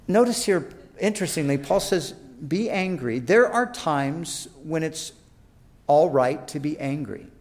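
Male pastor, sermon delivery, casual and conversational, acts out prayers, voice a touch high. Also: animated, unhurried, darkish tone.

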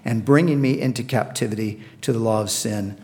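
A man's voice: lowish voice, darkish tone, slight background noise. Earnest man preaching a sermon. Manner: earnest, emphatic preaching with slow quoted scripture; repeats words when restarting. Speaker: pastor.

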